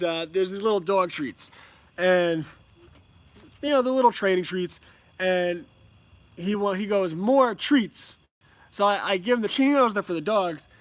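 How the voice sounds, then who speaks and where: A man's voice: high voice, dry recording. A man speaking as a homeschooling parent in a casual monologue, rambling with many ums and restarts at home.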